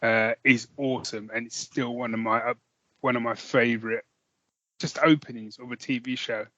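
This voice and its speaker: A chatty man from England co-hosting a podcast, rambling along easily between topics. His voice sits at an ordinary middle pitch. The sound is dry and a bit dull, with no room around it. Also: fairly even intonation, normal speed, bright, forceful tone, no room sound. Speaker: podcast co-host. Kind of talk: casual chat.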